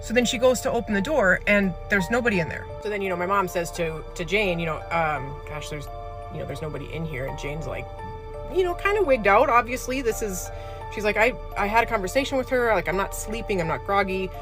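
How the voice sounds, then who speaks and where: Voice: mid-range voice, lively intonation, brisk. A speaker recounting a parent's eerie hospital story casually, rambling with fillers and acting out quoted dialogue. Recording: clear music bed under the voice. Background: music.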